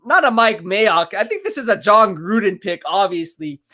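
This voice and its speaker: A man hosting a live stream, giving casual commentary, boastful and laughing often, with quick bursts of excitement. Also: sits high, no echo, clean studio sound.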